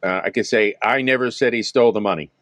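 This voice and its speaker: A man's voice: fairly low pitch, fast talker, fairly bright tone, dry recording. A man in a casual Bible discussion, telling the story conversationally with many "you know"s.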